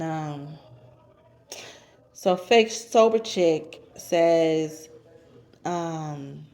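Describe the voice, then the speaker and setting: Woman doing a show recap, lowish voice, chatty, says stuff twice for emphasis. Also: a little mellow. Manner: chatty, repeats herself for emphasis; avoids cursing. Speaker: reality TV recapper. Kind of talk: casual recap monologue.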